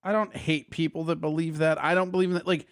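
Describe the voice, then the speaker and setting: A man's voice: on the high side, little pitch movement, fast talker, clean tone, no echo, clean studio sound. A man commentating on a livestream he is watching, mocking it with frequent laughs and a put-on customer voice. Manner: mocking, laughs often, does a nerdy customer voice. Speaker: stream commentator.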